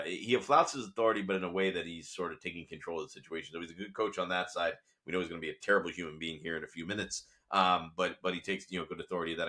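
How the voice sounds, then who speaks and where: Pushed and bright, this low voice belongs to an Italian-American podcast host recapping a TV series episode. He retells scenes casually and conversationally, wandering into plenty of asides.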